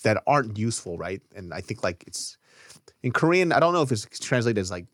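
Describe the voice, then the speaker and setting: A man in his thirties, a podcast co-host, chatting casually and telling animated stories with lots of swearing and acted-out quotes. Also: lowish voice, a little fast, dry recording, clean studio sound. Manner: animated storyteller, swears freely, acts out quotes. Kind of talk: casual chat.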